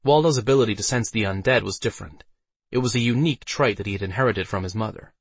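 A man narrating a fantasy audiobook with steady storytelling delivery. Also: lowish voice, fast, husky, dry recording.

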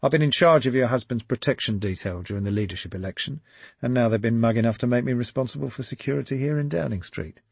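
A man's voice: mid-range voice, fast, vocal fry, husky, dry recording, voice pushed up. A man voicing a charming police inspector in his late thirties with a thick London accent, breezy and friendly.

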